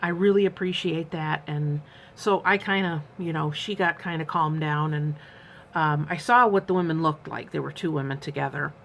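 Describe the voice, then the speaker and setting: A woman's voice: deep voice, moderate pace, creaky, a bit bright, slight background noise. A woman in her fifties talking candidly in a personal vlog, earnest and rambling, with many fillers and restarts. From United States. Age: 50s. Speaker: vlogger.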